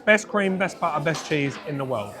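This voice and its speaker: A man's voice: a little high, sing-song, moderate pace, bright, forceful tone. A British man hosting a casual food vlog, chatty and upbeat as he talks to camera. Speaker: food vlogger host.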